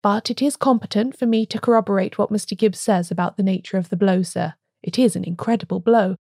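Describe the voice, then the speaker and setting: A woman reading as a grim, rather nervous village doctor who speaks in a low, measured voice. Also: dark tone, dry recording, studio quality, close to an everyday voice. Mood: grave.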